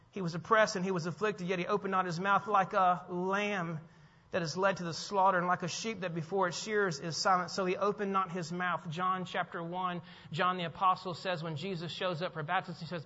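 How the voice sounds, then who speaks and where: High-voiced bright preacher in a hall. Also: male voice, lo-fi sound. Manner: preaching with swings between loud calls and hushed low lines; asks the congregation to fill in words. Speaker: pastor. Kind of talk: sermon. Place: church sanctuary.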